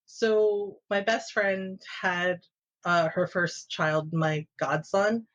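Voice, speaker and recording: A woman's voice: on the low side, steady tone, extremely slow. A woman guest on a podcast, telling personal anecdotes in a casual way and laughing often as she talks. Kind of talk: casual storytelling.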